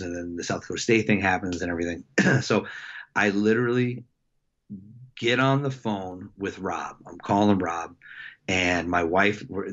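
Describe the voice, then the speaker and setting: Middle-aged coach, very low voice, reflective and halting; slightly dull lo-fi audio. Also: male voice, fairly bright tone. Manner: reflective, halting with many fillers and restarts. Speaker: wrestling head coach, podcast guest. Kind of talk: casual storytelling interview.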